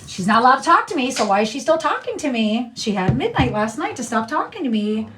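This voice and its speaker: A woman's voice: on the high side, very animated, a little fast, distant mic, background noise. A middle-aged woman livestreaming, chatting casually in a blunt, rambling way and repeating herself.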